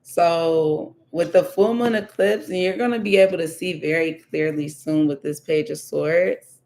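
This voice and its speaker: A woman's voice: low-pitched, fairly even intonation, a little slow, darkish tone. A woman giving a casual tarot reading, thinking aloud with many fillers and repeating her questions to the cards. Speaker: tarot reader.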